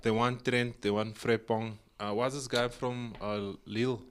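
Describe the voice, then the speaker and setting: A man's voice: medium pitch, flat delivery, a little slow, a bit bright, clean tone. A man in a casual podcast chat, earnest and rambling, with lots of "like" and "uh".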